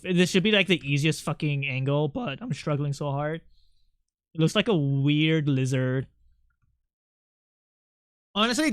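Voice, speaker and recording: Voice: medium pitch, smooth, no room sound, clean studio sound. A streamer chatting casually with the audience while drawing, talking in a rambling, self-interrupting way and swearing freely. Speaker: streamer and artist.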